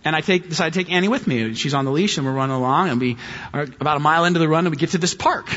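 A middle-aged man preaching a sermon as a pastor, telling a story in a lively way and mimicking high-pitched voices in his quotes. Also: very fast. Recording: dull audio with long hall reverb.

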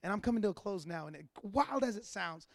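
A male pastor preaching a sermon with passion, building to loud emphatic peaks and often stammering through repeated words. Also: sits high, lively intonation, quick pace, dry recording, clean studio sound.

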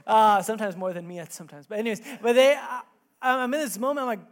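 Animated male pastor telling a story. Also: sits high, fairly quick. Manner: animated storytelling, acts out quotes with raised voice. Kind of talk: sermon with personal story. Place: church.

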